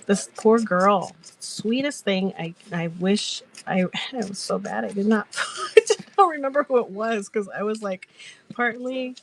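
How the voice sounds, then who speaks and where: A woman's voice: mid-range voice, unhurried, slight background noise. A woman hosting a casual crafting chat, telling stories in a giggly, rambling way. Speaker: crafter and live-selling host.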